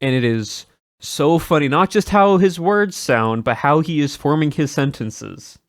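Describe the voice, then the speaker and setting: A man's voice: fairly high pitch, animated, unhurried, dry recording, studio quality. A man streaming and chatting casually to his viewers, rambling with many restarts and chuckles.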